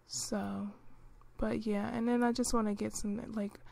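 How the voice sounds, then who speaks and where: A woman narrating her life-simulation gameplay in a relaxed, chatty way, with lots of fillers, clearing her throat now and then. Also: medium pitch, moderate pace, slight background noise. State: clearing throat, hiccuping and coughing. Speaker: gameplay commentator.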